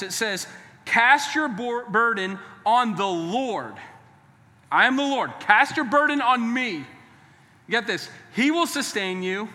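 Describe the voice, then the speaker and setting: Emphatic preacher with a high, bright voice. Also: male voice, in a large hall. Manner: emphatic, conversational preaching with call-and-response. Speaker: pastor. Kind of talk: sermon.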